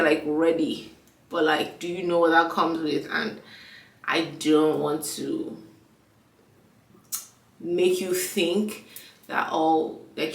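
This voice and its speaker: A woman's voice: on the low side, fairly bright tone, recorded from a distance. A young woman vlogging in a casual chat with a stuffy nose and a frog in her throat, full of fillers and acted-out dialogue. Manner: chatty, lots of fillers, acts out quoted dialogue. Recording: echoey room, away from the mic.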